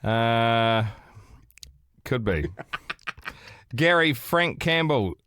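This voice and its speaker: A man's voice: mid-range voice, lively intonation, very slow, a bit bright, clean tone, no echo, studio quality. A man co-hosting a casual podcast, reading items aloud and cracking sweary jokes. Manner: joking, sweary, reading out a list with quips. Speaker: podcast co-host.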